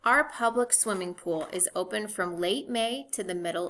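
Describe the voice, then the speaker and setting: A woman teacher giving a recorded phonics lesson, speaking clearly and spelling words out letter by letter. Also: mid-range voice, moderate pace, few pauses, sharp tone.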